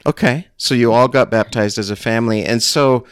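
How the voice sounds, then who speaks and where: A man's voice: mid-range voice, fairly quick, smooth, no echo, studio quality. A man hosting an interview, asking probing questions and summing up his guest's story. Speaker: interview host. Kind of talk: conversational interview.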